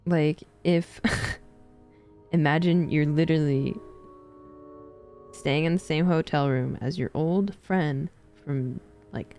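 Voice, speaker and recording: A woman's voice: low voice, slow pace, warm tone, faint music behind. Chatty young woman streaming a game. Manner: chatty, laughs often, swears casually. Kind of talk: casual let's play commentary, reading letters aloud.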